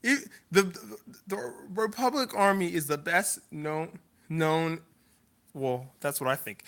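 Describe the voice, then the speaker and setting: A man's voice: a little high, slow pace, gravelly, fairly bright tone. A man talking to his channel's viewers in a casual vlog monologue, rambling and apologetic, full of restarts, and emotional. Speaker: YouTuber.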